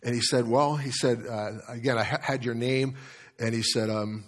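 Man, pastor, sermon, candid storytelling, conversational, mid-pitched voice. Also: steady tone, moderate pace.

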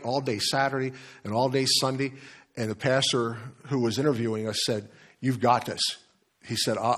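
A male pastor preaching in a plain, mid-pitched voice. He talks to his congregation in a frank, conversational way and tells stories with many small restarts. He also reads scripture aloud. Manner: candid, conversational storytelling with restarts. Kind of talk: sermon with personal story.

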